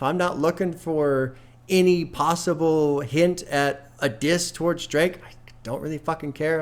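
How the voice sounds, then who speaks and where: Chill guy rambling thru a music reaction, swears a lot, laughs at his own jokes. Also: mid-range voice. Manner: rambling, laid-back, swears often, laughs at own stories. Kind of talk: casual album reaction commentary.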